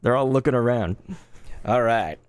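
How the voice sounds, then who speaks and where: A man in his thirties chatting casually while opening trading cards live, laid-back and quick to get excited. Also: medium pitch, clean tone, no room sound. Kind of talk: live card-opening stream chat.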